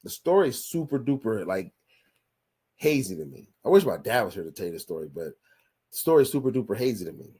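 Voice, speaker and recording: A man in his forties hosts a podcast, telling rambling, profanity-laced stories in casual chat and often repeating himself. His fairly low, mellow voice has a breathy edge, big pitch swings and a fast pace.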